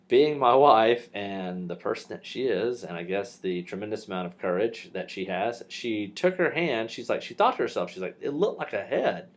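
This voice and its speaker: A male teacher casually telling a personal story for his class, with fillers and restarts. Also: on the low side.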